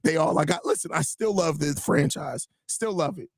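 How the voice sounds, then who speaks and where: On his live sports podcast, a host from the Chicago area answers chat with a frustrated, foul-mouthed rant that keeps repeating phrases. He speaks at a moderate pace in a somewhat high, breathy voice. It's studio quality with no room sound.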